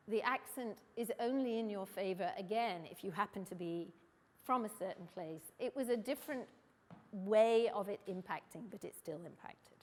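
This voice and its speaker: A middle-aged English woman from England telling a personal story on stage in a reflective, wry, measured way. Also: mid-range voice, long reverb tail. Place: stage event.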